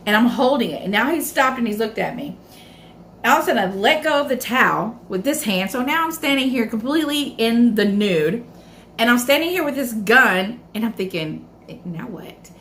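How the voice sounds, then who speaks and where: A woman's voice: medium pitch, a little hiss or hum. Chatty woman telling a story to viewers. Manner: animated storyteller acting out her own past reactions; chatty, keeps addressing viewers as y'all. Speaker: food vlogger. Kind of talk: casual mukbang storytime.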